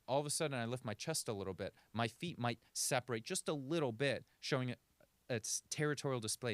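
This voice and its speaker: A man's voice: medium pitch, a bit bright, no echo. A man working as a communication coach, giving practical advice in a podcast interview and shifting his pace to demonstrate. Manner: coaching, illustrative, varies speed for demonstration.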